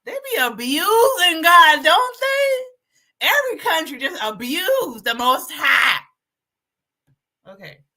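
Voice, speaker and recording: A woman hosting a casual livestream, chatty and animated, reading aloud from her notes while sharing her screen. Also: extremely high pitch, slow pace. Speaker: livestream host.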